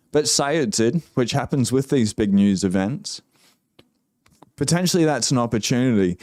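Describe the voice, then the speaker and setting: This is an Australian man hosting a laid-back livestream, chatting easily and greeting viewers one by one. His voice sits in a middle register with a smooth, resonant tone. The sound is close and dry, with no room echo. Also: medium pitch, darkish tone. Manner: easygoing, greets viewers by name, reads chat aloud. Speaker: livestream host. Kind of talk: casual livestream chat.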